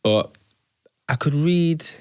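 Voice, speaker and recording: A man recounting his life story as a guest, in an animated, slangy storytelling way. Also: on the high side, takes it slowly, smooth, dry recording, clean studio sound. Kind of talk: conversational testimony.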